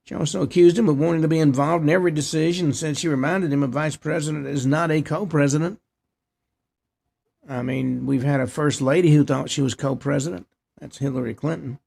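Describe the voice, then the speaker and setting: A man's voice: a little high, steady tone, a little fast, gravelly, darkish tone. A man hosting a talk show, reading news headlines and adding short opinionated asides. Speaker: host. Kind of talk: news commentary.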